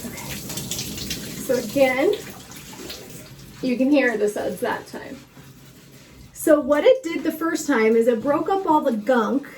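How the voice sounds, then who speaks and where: Speaking from the shower over running water, this woman has a high-pitched, somewhat mellow voice with lively intonation and a moderate pace. She's a hair care vlogger walking through hair washing in a casual, chatty, instructive way, using lots of fillers and sounding a little winded. The recording is low quality, with the mic set far away.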